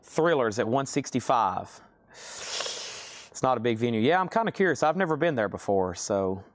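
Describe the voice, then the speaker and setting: A man's voice: mid-range voice, expressive, normal speed, no echo, studio quality. A man hosting a live vinyl record sale, chatting casually and rambling between sales. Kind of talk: casual live-stream selling.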